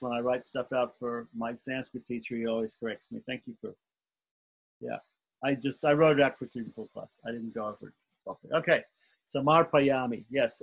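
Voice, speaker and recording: A man's voice: mid-range voice, breathy edge, poor audio. A man teaching an online chanting class, patiently going syllable by syllable and often correcting himself.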